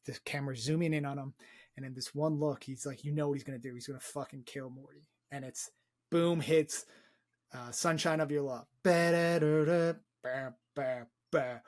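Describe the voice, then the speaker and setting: A man's voice: mid-range voice, steady tone, fast talker. A young man co-hosting a film podcast, talking enthusiastically in a rambling way, repeating words and swearing freely. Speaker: podcast co-host. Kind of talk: casual film discussion.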